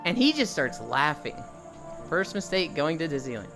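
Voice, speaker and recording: A live streamer walking on a treadmill while chatting casually with viewers, telling animated stories and swearing freely. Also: mid-range voice, moderate pace, music in the background.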